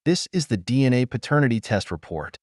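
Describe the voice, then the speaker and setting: A man's voice: mid-range voice, sing-song, a little fast, no room sound, clean studio sound, pitched above the performer's own voice. A man voicing a cold, sarcastic betrayed husband.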